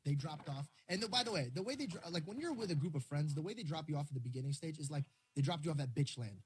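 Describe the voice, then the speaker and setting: Fast, high-voiced comedian telling stories. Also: male voice, a little hiss or hum. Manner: animated, puts on voices for the people in his stories. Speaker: stand-up comedian. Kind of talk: casual podcast storytelling.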